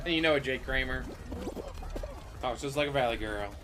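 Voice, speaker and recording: A man's voice: mid-range voice, normal speed, over music. Sarcastic male commentary host. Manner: mocking, deadpan sarcasm. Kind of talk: sarcastic commentary over a stream.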